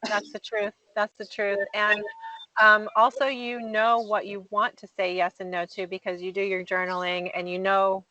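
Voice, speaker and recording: A woman's voice: mid-range voice, flat delivery, normal speed, bright, forceful tone, slight background noise. A woman in her forties hosting an interview, upbeat and encouraging, laying out points step by step. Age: 40s. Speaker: podcast host, coach. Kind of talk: casual interview. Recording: dry, dull lo-fi mic.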